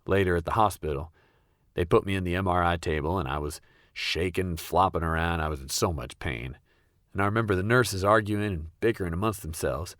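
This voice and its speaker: A young man narrating a comic personal story in a wry, deadpan way. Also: deep voice, fairly quick, dry recording, studio quality. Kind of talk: comedic first-person storytelling.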